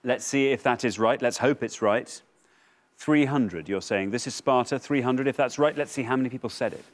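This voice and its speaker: A man hosting a television quiz show, upbeat and teasing, with bursts of excitement when answers are revealed. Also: medium pitch, moderate pace. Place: television studio.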